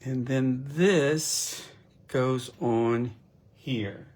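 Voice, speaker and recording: Man, craft demo host, slow easygoing delivery, middle-aged, chatty asides. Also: mid-range voice, darkish tone. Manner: unhurried, chatty, self-deprecating asides. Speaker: card-making instructor. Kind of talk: casual crafting demonstration.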